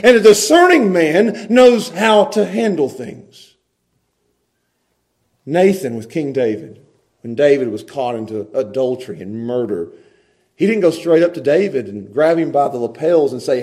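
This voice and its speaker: A man preaching a sermon as a pastor, swinging from loud emphasis to quiet asides. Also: sits high, lively intonation, a little slow.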